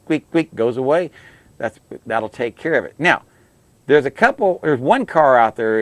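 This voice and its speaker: A middle-aged man with a medium-pitched voice hosts a call-in car advice show, and the recording has no room sound. He's a radio host and auto technician who offers folksy, plain-spoken repair tips and tends to repeat himself.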